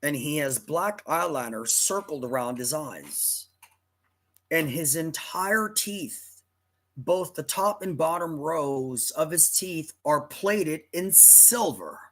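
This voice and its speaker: Husky man telling a rambling story. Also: fairly high pitch, lively intonation, takes it slowly, a bit bright. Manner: rambling, dramatic, self-correcting. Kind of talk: casual personal storytelling.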